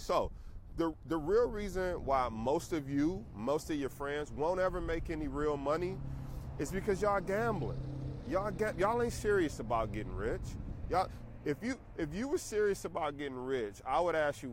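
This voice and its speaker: A man's voice: on the high side, lively intonation, normal speed, slight background noise. A middle-aged man, a stock trading teacher, ranting casually and emphatically to his viewers. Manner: emphatic, preachy, conversational. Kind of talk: casual rant to camera.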